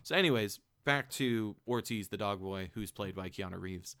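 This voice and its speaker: A man casually retelling a strange movie, animated, with plenty of ums, likes and swearing. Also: fairly low pitch, moderate pace, no room sound, clean studio sound.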